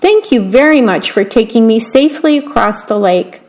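A woman reading aloud as a patient, polite male grasshopper with a gentle manner. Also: on the high side, expressive, moderate pace, lightly acted.

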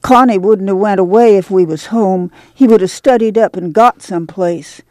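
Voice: medium pitch, normal speed, darkish tone, dry recording, close to an everyday voice. A reader voicing a sulky, complaining young pregnant woman in whiny rural dialect.

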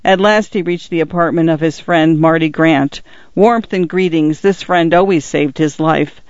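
Man, literary narration, measured, expressive, slightly high voice, dry close sound. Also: no echo, muffled recording. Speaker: audiobook narrator.

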